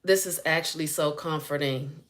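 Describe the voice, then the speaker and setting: A woman speaking as a spiritual healing coach in a casual live-stream chat, chatty and animated and laughing often. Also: low-pitched, normal speed.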